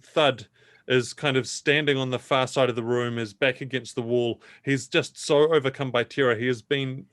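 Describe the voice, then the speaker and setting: A man narrating a tabletop game as dungeon master in a measured, descriptive way. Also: mid-range voice, fairly even intonation, fairly bright tone, no echo.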